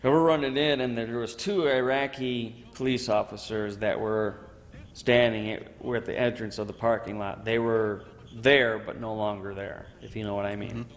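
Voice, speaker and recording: A man's voice: fairly low pitch, moderate pace, in a large hall. A man in his forties from Michigan, a veteran telling his story in an oral history interview, acting out what people said and saying "you know" a lot. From Michigan, USA. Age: 40s. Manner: animated storyteller who acts out quotes and says "you know" often.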